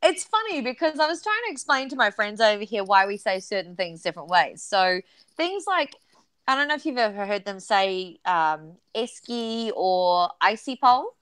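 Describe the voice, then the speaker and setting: Lively New Zealand woman, dry close sound. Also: medium pitch, normal speed, clear, resonant tone, dry recording. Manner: lively, laughs and chimes in eagerly. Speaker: podcast guest. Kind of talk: casual chat.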